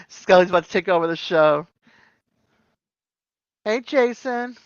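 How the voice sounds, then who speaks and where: A man's voice: sits high, takes it slowly, clear, resonant tone, no room sound. A man with a Boston accent hosting a casual livestream, chatting, laughing often and greeting viewers from chat. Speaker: livestream host. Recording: dull lo-fi stream audio.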